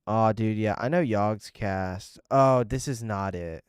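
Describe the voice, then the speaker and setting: A man's voice: on the low side, takes it slowly, clean tone, no room sound, studio quality. A young man streaming and chatting loosely with viewers, swearing and getting irritated as he rambles. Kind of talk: casual livestream chat with viewers.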